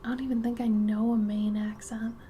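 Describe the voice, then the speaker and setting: A woman chatting casually as she draws on a live stream, thinking aloud, answering chat and sometimes dropping to a soft murmur. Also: fairly high pitch, flat delivery, a little fast, faint music behind. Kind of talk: casual chat while drawing.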